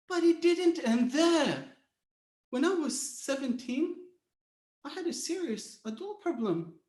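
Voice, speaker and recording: A man giving a dramatic storytelling speech at a speech contest, expressive and theatrical with dramatic pauses, recorded in an echoey hall. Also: very high voice.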